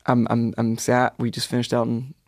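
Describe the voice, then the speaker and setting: Gravelly-voiced young man telling a story. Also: medium pitch, moderate pace, no room sound, studio quality. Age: 20s. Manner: animated, swears, acts out quotes in whispers. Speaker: guest singer. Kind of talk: excited storytelling in an interview.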